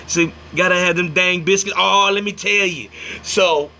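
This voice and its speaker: A young man chats on a casual livestream, his voice pitched high with a bright, forward edge. He tells stories animatedly and acts out the people in them. A faint ambient hum sits in the background. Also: normal speed, creaky. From Indiana, United States. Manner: animated storyteller, acts out quotes, thanks viewers mid-story. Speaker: livestream host.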